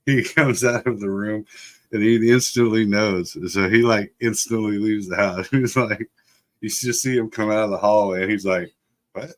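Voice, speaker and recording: A man's voice: on the low side, steady tone, normal speed. A middle-aged man casually telling a childhood story on a live stream, swearing freely and laughing as he goes. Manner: profane, laughs often while telling. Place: home setup for a live stream.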